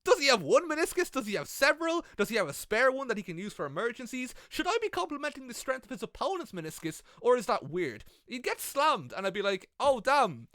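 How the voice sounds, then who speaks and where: A young Irish man giving comedic, sweary advice about wrestling commentary in an animated vlog, speaking into a gaming headset. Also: very high-pitched, quick pace, few pauses, dry recording. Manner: animated, sweary, self-mocking.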